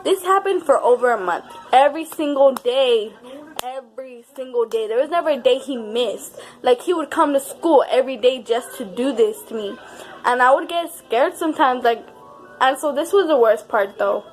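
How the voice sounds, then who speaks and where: Young woman, high voice, casual storytime vlog, animated and emphatic, swears a lot. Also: normal speed, soft background music. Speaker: vlogger.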